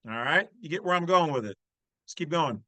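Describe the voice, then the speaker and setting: A man's voice: on the high side, expressive, a little fast, sharp tone, no echo, rough recording. A man hosting his channel, commenting in a brash, folksy, slangy way. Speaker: channel host. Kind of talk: casual commentary on a read-aloud text.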